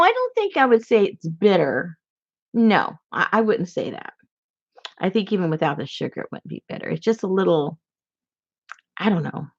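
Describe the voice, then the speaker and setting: A woman's voice: mid-range voice, highs cut off. A woman chatting casually in a vlog, giggly and rambling as she shows off handmade gifts. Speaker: crafter showing handmade gifts.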